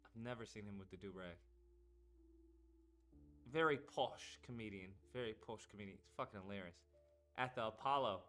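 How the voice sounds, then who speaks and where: A man's voice: on the low side, normal speed, pauses often, fairly bright tone, soft background music. A man hosting a casual live stream, rambling and swearing as he talks to his chat. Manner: rambling and profane, talking to chat. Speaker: streamer host.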